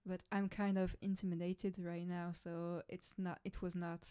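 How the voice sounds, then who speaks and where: A French woman drummer chatting casually with viewers on a live stream in English, pausing often to search for words. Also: on the low side, flat delivery, dark tone, clear, resonant tone, no room sound. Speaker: drummer hosting a live lesson.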